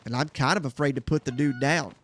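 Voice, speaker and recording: A man's voice: mid-range voice, fairly even intonation, fairly quick, a bit bright, a little hiss or hum. A young man hosting a gaming channel, chatting casually to his viewers as he plays. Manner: chatty, talks to viewers while playing. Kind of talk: casual gameplay commentary.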